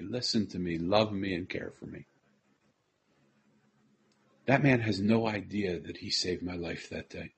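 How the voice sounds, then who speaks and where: A man's voice: deep voice, slight background noise. A man earnestly telling a personal story, repeating phrases and quoting the people he met.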